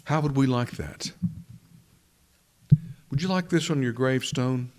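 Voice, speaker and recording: A male preacher delivering a sermon, talking it through with his listeners and posing questions. He speaks at an ordinary pitch and pace. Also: a little slow, pauses often. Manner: conversational teaching with rhetorical questions.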